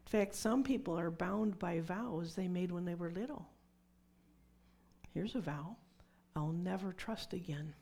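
A woman's voice: lowish voice, unhurried, gravelly, warm tone. A middle-aged woman preaching a conversational sermon with personal testimony, dropping to whispers for emphasis.

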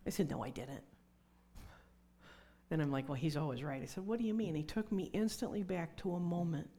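A woman's voice: sits low, a little fast, warm tone. A middle-aged woman preaching a conversational sermon with personal testimony, dropping to whispers for emphasis.

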